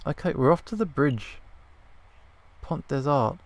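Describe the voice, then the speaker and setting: A man's voice: a little high, lively intonation, measured pace, no echo. A man giving casual let's play commentary, swearing and laughing as he plays.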